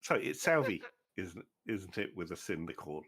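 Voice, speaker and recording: A man's voice: low-pitched, sing-song, moderate pace, fairly bright tone, husky. A man joining a live stream chat, with dry, teasing quips. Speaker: stream guest. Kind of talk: casual chat.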